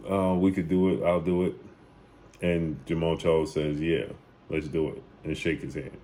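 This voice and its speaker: A man's voice: rumbling low, dark tone, slight background noise. A man hosting a sports channel, casually retelling and commenting on boxing clips with emphatic repetition.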